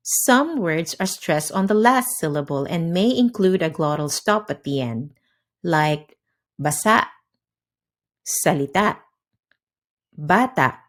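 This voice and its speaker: Slow, low-voiced upbeat lesson host. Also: female voice. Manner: upbeat, crisp enunciation, slow spaced drill words. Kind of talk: scripted instructional narration. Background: faint background music.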